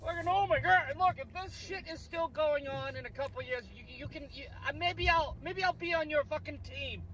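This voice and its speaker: A man's voice: extremely high pitch, normal speed, bright, forceful tone, low-quality recording. A man in a heated, sarcastic social media rant, agitated and swearing. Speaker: host.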